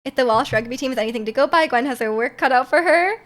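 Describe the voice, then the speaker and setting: Young woman streamer, high and bright, giggly, loose casual chat with the audience. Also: fast. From Canada. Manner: giggly, chatty, reads and answers chat aloud. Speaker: livestreamer.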